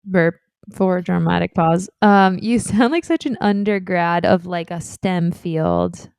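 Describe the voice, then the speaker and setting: Young female podcast host, lowish voice, playful and slangy, dry close mic. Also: measured pace, vocal fry, darkish tone, clean tone, no echo. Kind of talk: casual chat.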